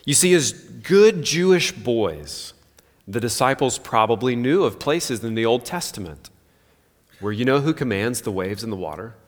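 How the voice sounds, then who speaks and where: A man's voice: medium pitch, lively intonation, normal speed. A pastor in his thirties giving an earnest, conversational sermon full of rhetorical questions. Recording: long hall reverb.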